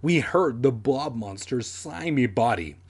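A man's voice: medium pitch, lively intonation, measured pace, darkish tone, slightly rough. A young man reading a children's horror book aloud with sardonic, crude comic asides. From San Diego area.

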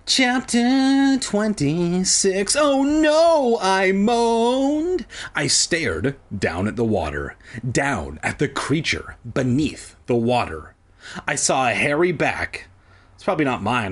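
A man's voice: on the low side, breathy edge. A man reading a kids' book aloud for laughs, breaking off into profane, self-deprecating asides.

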